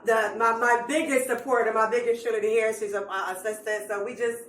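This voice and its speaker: A woman's voice: a little high, fairly even intonation, fairly quick, a bit bright. A woman guest chatting in an easygoing way. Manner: easygoing, faith-minded. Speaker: interview guest. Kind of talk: casual chat. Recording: echoey, off-mic.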